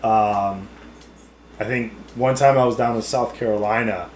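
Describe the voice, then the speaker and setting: A man's voice: on the low side, steady tone, a little slow. A man hosting a casual podcast chat among friends, rambling and swearing, laughing often. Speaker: podcast host. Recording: echoey room, faint background noise.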